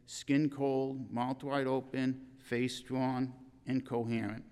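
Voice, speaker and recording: An older man delivers a eulogy in a church, his voice smooth and resonant. The reading is earnest and halting, with small restarts, and a long reverb trails each phrase through the hall. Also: mid-range voice.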